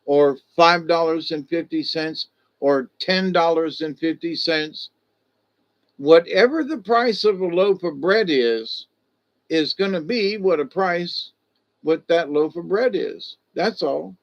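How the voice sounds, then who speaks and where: A man talks on his livestream in a loose, folksy ramble and drops in greetings to viewers by name. His voice sits high. The home audio sounds a little dull and lo-fi. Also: takes it slowly. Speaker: livestream host. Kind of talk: rambling casual livestream talk.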